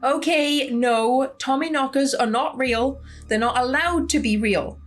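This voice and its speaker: A woman voicing a jumpy, anxious young woman in a game, talking in a panicky, dramatic way at a raised pitch. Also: a little slow, soft background music.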